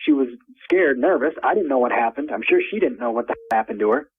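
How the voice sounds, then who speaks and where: A man's voice: medium pitch, very animated, quick pace, husky. A man telling his own encounter story as a phone caller, rambling and repeating words, his voice rising when he gets worked up. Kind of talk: first-person story told over the phone. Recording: tinny phone line.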